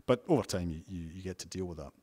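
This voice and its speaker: A man's voice: low voice, lively intonation, quick pace, darkish tone, slightly rough. A Scottish man, a television news presenter, giving chatty interview answers full of restarts and wry asides. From Scotland.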